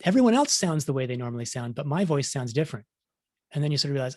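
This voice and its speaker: A man's voice: mid-range voice, very animated, fast, darkish tone, no echo. A middle-aged man, a science journalist, giving a conversational talk with many restarts, acting out quotes along the way. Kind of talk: conference talk.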